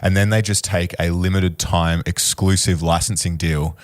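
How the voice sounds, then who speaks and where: A man's voice: low voice, fairly even intonation, normal speed, no echo. A man co-hosting a podcast, chatty and laughing easily as he explains figures. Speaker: podcast co-host presenting the topic. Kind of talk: casual podcast chat.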